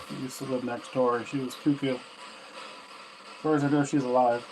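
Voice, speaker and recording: At home, a paranormal investigator runs a ghost box session, chatting casually as he asks spirits questions aloud and teases them about their answers. His mid-range voice moves at normal speed over a steady static hiss from the ghost box.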